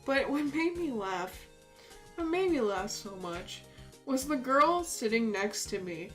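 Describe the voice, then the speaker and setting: A woman's voice: a little high, measured pace. A young woman streamer casually telling a funny story while drawing, laughing often as she talks. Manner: giggly, animated, laughs often. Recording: faint music playing behind.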